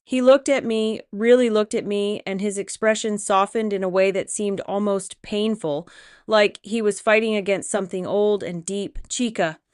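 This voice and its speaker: A woman reading a first-person romance audiobook with steady, expressive storytelling. Her voice is smooth and clear at a middle pitch. The recording is close and dry. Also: moderate pace, dry recording. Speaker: audiobook narrator.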